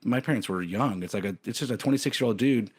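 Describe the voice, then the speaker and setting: A man's voice: medium pitch, quick pace, darkish tone, breathy edge. Candid rambling man in his thirties. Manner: candid, rambling, lots of "like" and restarts. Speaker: podcast co-host. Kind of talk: casual chat.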